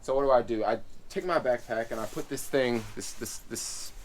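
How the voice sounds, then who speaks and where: A man in a casual storytime vlog, talking in an animated, excitable rush, piling on fillers as he tells it. His voice sits at an ordinary middle pitch for a man. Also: normal speed. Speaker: vlogger.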